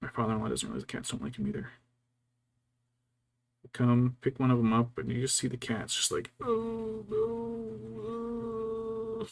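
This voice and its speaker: A man, a VTuber, chatting casually and telling stories while painting miniatures, slipping into quiet whispers and quick mock voices. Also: medium pitch, level tone. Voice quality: gravelly and husky. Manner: storytelling, doing brief mock voices for his wife and cats; often drops to a quiet whisper.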